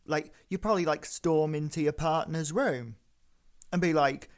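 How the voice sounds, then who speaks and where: Male co-host, casual and emphatic, quick to react. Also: fairly high pitch. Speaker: podcast co-host. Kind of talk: casual chat.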